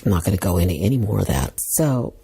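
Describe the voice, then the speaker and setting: A middle-aged woman telling a personal story as a podcast host, animated and self-mocking, laughing as she talks and acting out what people said. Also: a bass voice, fast talker, husky. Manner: animated, self-mocking, laughs while talking, acts out quotes. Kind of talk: casual storytelling monologue.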